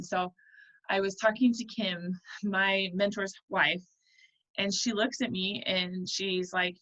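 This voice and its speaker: A woman's voice: fairly low pitch, fairly even intonation, moderate pace, a bit bright. A woman in her thirties hosting a mastermind call, earnest and chatty, with lots of ums and uhs. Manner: earnest and chatty, with many fillers. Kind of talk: casual motivational talk. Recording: slightly dull, lo-fi call audio.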